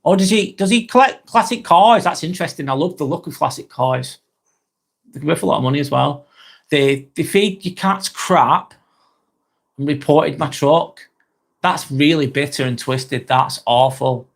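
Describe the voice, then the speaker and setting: Here a British man with a somewhat high, creaky voice talks at normal speed while hosting a live vlog. Swearing freely, he goes through viewer comments, keeps the chat casual, and rambles onto side topics.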